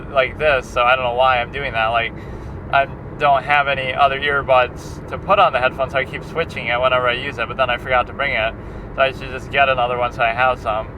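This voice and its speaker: A man's voice: medium pitch, background noise. A man and film critic chatting in a rambling, casual vlog, often restarting his sentences, recorded on a handheld recorder outdoors. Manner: meandering, many restarts and fillers.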